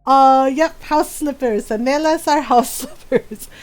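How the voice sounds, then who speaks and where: A woman streamer telling a family story in casual chat, animated and laughing often, with lots of "like" and "right". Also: high-pitched, unhurried. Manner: repeats filler words like "right" and "like". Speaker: live game streamer.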